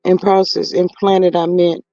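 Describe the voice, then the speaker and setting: A man's voice: sits high, level tone, unhurried, vocal fry, mellow, dry recording. A man hosting a casual live-stream commentary, gossiping in a drawling, sassy way and reading chat to viewers. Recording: slightly dull lo-fi audio with faint music.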